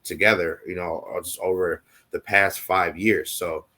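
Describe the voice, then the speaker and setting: A man's voice: low voice, steady tone, measured pace, bright, forceful tone. A man co-hosting a casual show, talking in a rambling, reassuring way with many fillers. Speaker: co-host. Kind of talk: casual talk show chat.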